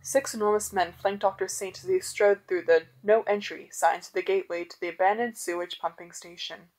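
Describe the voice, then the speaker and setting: A woman reading a novel chapter aloud, telling the story in a steady voice. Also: fairly low pitch, fairly quick, poor audio. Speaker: reader. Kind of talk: audiobook narration.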